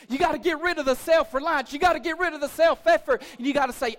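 A male pastor preaching a sermon in church, building from low murmurs to shouted, rhythmic repetitions. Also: fast talker.

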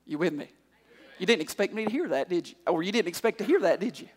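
A male pastor preaching a sermon, calling out to the congregation and climbing to shouts. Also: high voice, lively intonation, quick pace, husky. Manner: call-and-response preaching, rising to shouts. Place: church hall. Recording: long hall reverb.

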